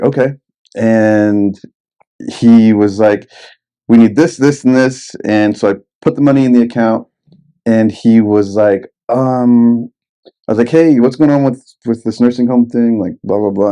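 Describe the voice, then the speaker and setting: Mellow-voiced guy telling rambling stories. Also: fairly low pitch. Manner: rambling anecdotes, heavy swearing. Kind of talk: casual podcast chat.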